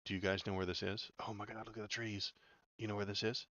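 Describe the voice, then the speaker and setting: A man's voice: on the low side, little pitch movement, fast, a bit bright, dry recording, lo-fi sound. A man giving casual, sarcastic political commentary as he reads news aloud, rambling with many fillers.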